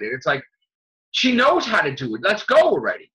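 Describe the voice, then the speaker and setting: A man's voice: a little high, wildly swooping pitch, a little fast, sharp tone. A man co-hosting a casual fan podcast, ranting with lots of fillers, restarts and swearing. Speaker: podcast co-host. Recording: dull lo-fi podcast audio.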